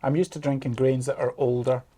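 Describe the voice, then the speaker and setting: A man's voice: medium pitch, flat delivery, fairly quick, mellow, husky. A Scottish man co-hosting a podcast, laid-back and chatting in short, agreeing replies. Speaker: podcast co-host. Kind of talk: casual chat.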